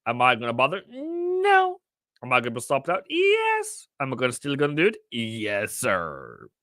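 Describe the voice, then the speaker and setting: A man's voice: medium pitch, rapid-fire, sharp tone, no echo, clean studio sound. A man working as a trading mentor, giving casual live-stream market commentary in a rambling, self-mocking, jokey way.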